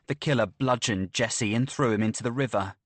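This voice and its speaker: A man's voice: mid-range voice, a little fast, dry recording, natural voice. A male narrator voicing a clever, cold young woman who sometimes snarls in anger, in an audiobook thriller. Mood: cool. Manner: controlled, then snarling in anger. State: slurred after a head blow.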